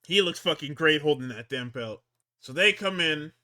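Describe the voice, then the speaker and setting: Recapping wrestling shows on a podcast he co-hosts, this man rambles, curses nonstop, and trips over his words before starting again. He has a fairly high, sharp-toned voice that's animated and moves at a moderate pace.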